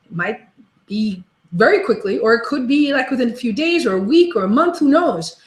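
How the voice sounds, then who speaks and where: A woman with a fairly high voice gives a motivational webinar talk. She tells stories in a chatty, lively way and keeps coming back to the same question. Her voice rings in an echoey room. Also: normal speed. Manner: chatty storytelling, repeats key question. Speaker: webinar host and life coach.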